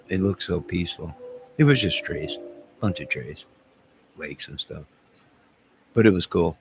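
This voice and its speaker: Older guy rambling and joking on his channel, low gravelly voice. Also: unhurried, pauses often, over music, rough recording. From United States. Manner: joking, rambling, chuckles while talking. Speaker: channel host. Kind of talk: casual rambling monologue.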